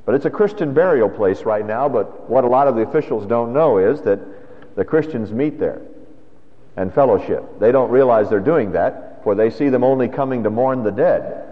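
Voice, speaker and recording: Animated and mid-range at a normal speed, this man's voice delivers a conversational sermon full of rhetorical questions. He is a pastor, captured in a lo-fi church recording that sounds dull and carries long hall reverb.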